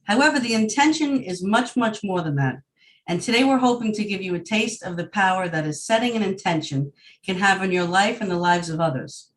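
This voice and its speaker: A woman's voice: mid-range voice, animated, brisk, distant mic, low-quality recording. Long Island woman hosting a video call. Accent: Long Island New York. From Long Island, New York. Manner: friendly, welcoming, chatty. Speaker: host. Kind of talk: online group event hosting.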